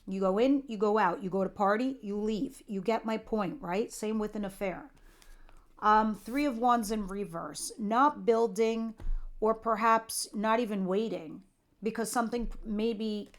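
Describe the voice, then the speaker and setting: A middle-aged woman tarot reader gives a casual reading monologue in a plain, medium-pitched voice, speaking unhurriedly. She's loose, chatty and jokey, talking straight to her viewers.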